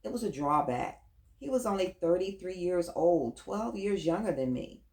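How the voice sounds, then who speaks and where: A woman with a low voice reads a first-person story aloud in an even, storytelling manner. Her voice carries a noticeable roomy echo from the recording. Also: normal speed. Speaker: audiobook narrator. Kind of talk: first-person audiobook narration.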